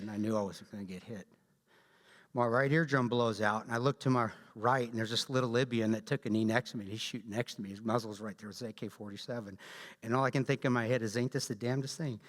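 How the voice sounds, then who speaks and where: Guest speaker, male, Southern drawl; animated, blunt storyteller with jokes, long church-hall reverb. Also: lowish voice, quick pace. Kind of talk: storytelling talk to a church audience.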